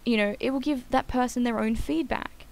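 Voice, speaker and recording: A young woman talks casually while gaming, rambling from point to point with plenty of fillers. Her voice sits a little high and carries a gravelly fry. She states her opinions bluntly. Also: normal speed, darkish tone, poor audio. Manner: chatty and rambling, frequent "like" and "um". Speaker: gaming channel co-host.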